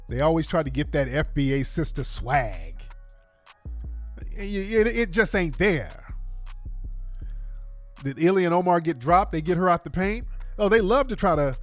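An American man hosting a livestream, talking in casual commentary that is slangy, sarcastic and exasperated. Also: fairly high pitch. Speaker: livestream host.

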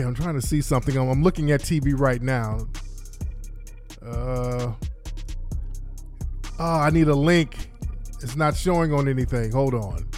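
A man giving blunt, animated commentary to his livestream audience, repeating himself often. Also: on the high side.

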